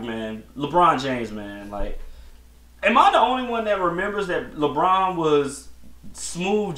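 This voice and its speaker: This man's slightly high, somewhat bright voice carries his solo podcast, where he rambles casually and restarts again and again. He gives blunt opinions full of slang, and the room echoes around him.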